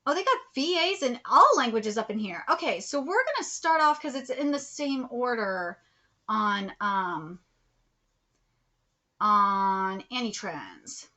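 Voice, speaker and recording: A woman's voice: fairly high pitch, sing-song, takes it slowly, bright, forceful tone. A woman vlogger ranting in a commentary video, blunt and profane, hammering points with repetition. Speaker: anime vlogger.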